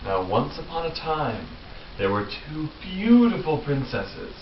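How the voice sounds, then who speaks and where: A man's voice: fairly high pitch, sing-song, unhurried. A man telling his young nieces a made-up fairy tale in a playful way, often chuckling. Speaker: uncle telling a story to young children. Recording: distant, muffled, echoey, loud hiss.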